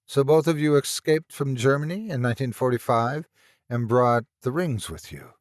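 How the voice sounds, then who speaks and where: A man voicing a calm, gentle professor in an audiobook. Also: mid-range voice, moderate pace, dry recording, studio quality, lightly acted.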